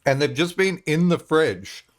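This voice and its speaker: A man's voice: a little high, big pitch swings, unhurried. A young man, casually chatting on a stream and rambling through a story with swearing and laughs.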